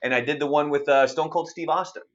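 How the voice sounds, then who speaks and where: A man's voice: a little high, fast talker, highs cut off. A man in his thirties hosting a radio show's online segment, chatting casually and animatedly, with frequent swearing. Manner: animated, swearing, acts out quotes. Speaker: radio show host. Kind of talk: casual storytelling chat.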